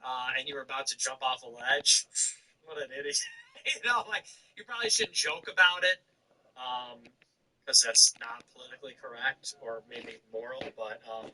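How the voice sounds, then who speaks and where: A man's voice: medium pitch, wildly swooping pitch, moderate pace, bright, forceful tone, distant mic, a little hiss or hum, low-quality recording. A man hosting a livestream, talking in a blunt, sardonic way with laughing asides. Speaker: livestream host. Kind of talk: casual livestream commentary.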